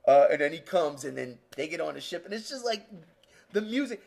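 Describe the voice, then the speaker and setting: A man co-hosting a podcast, talking about movies in an excitable way with lots of swearing. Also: fairly high pitch, a little fast, creaky. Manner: excitable, swearing, re-enacts scenes. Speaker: podcast co-host. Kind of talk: casual movie chat.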